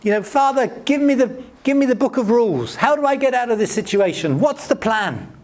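A middle-aged man preaching a sermon in an earnest way, lifting his voice when he acts out quotes and dropping to a soft hush. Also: expressive, fairly quick. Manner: earnest, rises high acting out quotes, drops soft and hushed.

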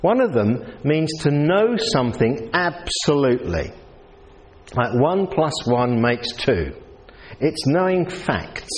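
A man with a New Zealand accent delivers a sermon to a live audience. His pitch rises and falls a lot, and he often stops to put questions to the room. The voice rings out with a long hall reverb. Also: a little mellow. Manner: conversational, asks the audience questions. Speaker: preacher.

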